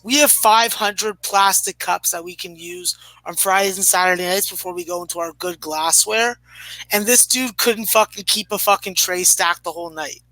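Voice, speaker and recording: A man's voice: high voice, moderate pace, pushed and bright, no room sound, poor audio. A man in his thirties ranting profanely in a casual podcast chat. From Canada. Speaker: podcast regular.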